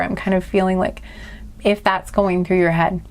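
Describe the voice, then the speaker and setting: A woman's voice: lowish voice, level tone, fairly quick. A woman giving a casual spiritual card reading to her viewers, earnest and gushing, rambling with many restarts and fillers. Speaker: tarot and oracle card reader.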